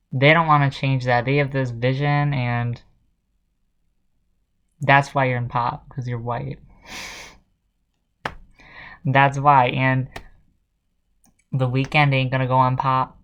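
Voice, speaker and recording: A man's voice: mid-range voice, a bit bright, clean tone, dull audio. A man ranting casually to his viewers. He sounds sarcastic and exasperated, with a mocking, offhand edge. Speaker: vlogger. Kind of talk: casual commentary rant.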